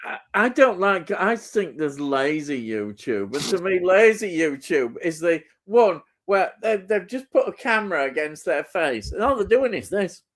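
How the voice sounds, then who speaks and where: A man co-hosts a casual live stream, agreeable and quick to laugh along. His voice sits a little high and moves up and down a lot. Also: sing-song. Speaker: co-host. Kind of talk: casual chat.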